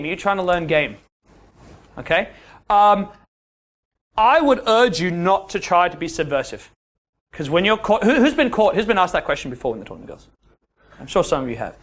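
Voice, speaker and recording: A man, a dating coach giving a seminar talk to a class of men, who keeps checking in with his listeners. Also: sits high. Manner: animated, acts out quoted dialogue, keeps checking in with "yeah?".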